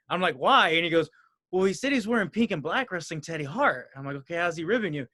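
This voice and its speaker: A young adult man, a professional wrestler, chatting casually and telling relaxed anecdotes. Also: high voice, fast, dry recording, clean studio sound. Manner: laid-back anecdotal storyteller, says "bro". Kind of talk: casual chat.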